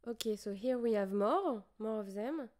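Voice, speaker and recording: A woman's voice: a little high, lively intonation, moderate pace, darkish tone. A tired young woman with a French accent, chatting casually on a livestream and hesitating as she searches for English words. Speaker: streamer.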